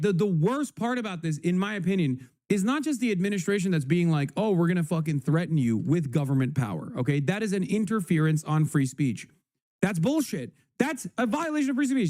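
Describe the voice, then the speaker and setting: Furious profane male streamer, high voice. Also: a little mellow. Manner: angry, profane, emphatic. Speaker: live streamer. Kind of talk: ranting stream commentary.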